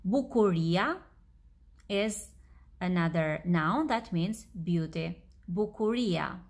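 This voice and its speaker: A woman with an Albanian accent teaching her language, explaining words slowly and repeating them. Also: fairly low pitch, lively intonation, gravelly. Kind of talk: language lesson reading a story aloud.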